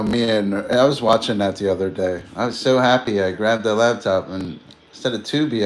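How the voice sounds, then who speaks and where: A tired man hosting a livestream, chatting casually and drifting between topics, with slang and free swearing. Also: fairly low pitch. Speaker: livestream host. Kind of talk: casual rambling chat.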